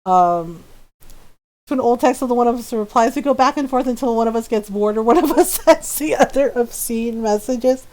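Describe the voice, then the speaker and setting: A woman's voice: fairly high pitch, moderate pace, a little mellow. A woman livestreaming a game and chatting casually, talking in a giggly way with many fillers. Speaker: livestream gamer. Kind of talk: casual chat while gaming.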